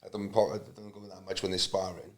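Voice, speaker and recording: A man's voice: sits low, flat delivery, brisk. A man chatting casually about coaching, laughing often and mocking himself. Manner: laughing, self-mocking storyteller. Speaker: former boxer and guest. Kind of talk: casual chat.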